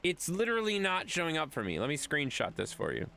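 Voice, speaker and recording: A man streaming a game live, chatting casually with his viewers, animated and playful with repeated phrases. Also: on the high side, fast, creaky.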